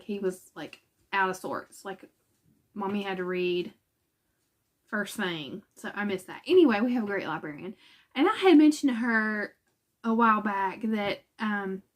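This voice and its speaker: A woman from West Virginia with a mid-range, fairly bright voice hosts a cross-stitch channel, chatting casually from home. She sounds chatty and self-conscious, using fillers and laughing.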